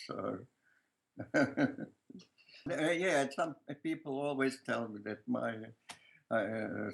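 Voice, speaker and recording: An older man with a strong Lithuanian accent, a filmmaker answering interview questions in a halting way, searching for words and often restarting, with soft laughs. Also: lowish voice, vocal fry, low-quality recording. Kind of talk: casual conversation.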